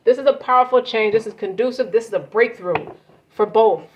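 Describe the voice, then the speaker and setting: A woman with a higher, fairly quick voice does a casual tarot card reading, speaking loosely with slang and cursing. The audio is muffled and lo-fi, with faint background noise.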